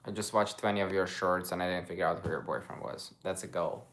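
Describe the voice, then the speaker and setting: A man's voice: low-pitched, fairly even intonation, fast talker, fairly bright tone, a little hiss or hum. A young man casually chatting on a livestream, rambling and stopping to search for English words. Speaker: streamer.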